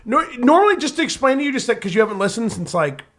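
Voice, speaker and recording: A tipsy man hosting a podcast at a house party, loud, joking and teasing the others. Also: very high-pitched, very animated, quick pace. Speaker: podcast host. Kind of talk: drunk casual chat.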